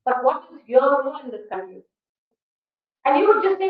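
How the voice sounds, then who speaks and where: A woman with an Indian English accent lectures a college class, pressing them with one rhetorical question after another. Her voice sits high and carries emphatic energy. The sound comes from some distance in a reverberant hall. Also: brisk. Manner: emphatic, animated. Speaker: guest lecturer. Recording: echoey hall, distant dull mic.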